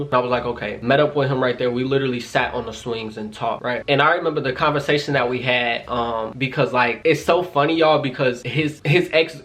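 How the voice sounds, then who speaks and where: A young man talks through a personal story in a loose, conversational way. He slips into the dialogue of the people involved, peppering it with "like" and "y'all." His voice sits in an ordinary middle pitch. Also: a bit bright. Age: young adult. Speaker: vlogger. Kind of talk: casual storytime.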